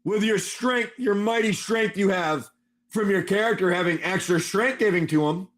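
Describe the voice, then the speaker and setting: Male host and game master, high voice, lively excitable narration. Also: moderate pace. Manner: animated, excitable storytelling. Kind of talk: casual chat and tabletop game narration.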